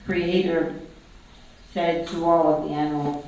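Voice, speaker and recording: A woman telling a story to a congregation in a lively, expressive read-aloud, heard from far off in an echoey church sanctuary. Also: medium pitch, takes it slowly. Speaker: storyteller at a worship service.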